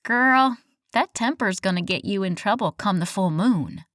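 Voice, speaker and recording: A woman's voice: expressive, unhurried, no echo, studio quality. A woman voicing a petite, smug young woman who teases her friend with a drawl in an audiobook. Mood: teasing. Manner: teasing, drawling, higher and louder. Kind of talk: audiobook character voice.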